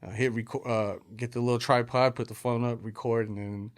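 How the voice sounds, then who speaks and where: A man talking casually as a comedy podcast guest, halting and rambling with plenty of fillers. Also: mid-range voice, flat delivery. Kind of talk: casual chat.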